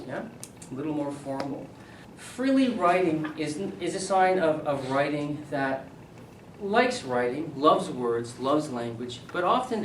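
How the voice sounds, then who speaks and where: Lively professor lecturing from across a room. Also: male voice, on the high side, slight background noise. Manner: animated, asks the class questions and repeats their answers. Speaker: university English professor. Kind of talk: classroom seminar lecture. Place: university seminar room. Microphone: camera at a distance. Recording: echoey room, voice from far off.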